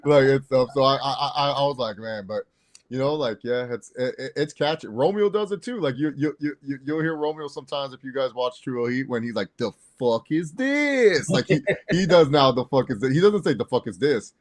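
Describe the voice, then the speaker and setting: A man's voice: medium pitch, brisk. A man co-hosting a sports podcast, chatting casually, rambling and repeating words and laughing at himself. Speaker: podcast co-host. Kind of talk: casual chat.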